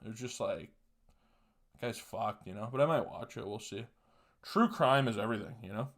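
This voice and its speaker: A man's voice: fairly low pitch, normal speed, a bit bright. A young man hosting a podcast, talking casually in a blunt, profane, mocking way. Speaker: podcast host. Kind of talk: casual monologue.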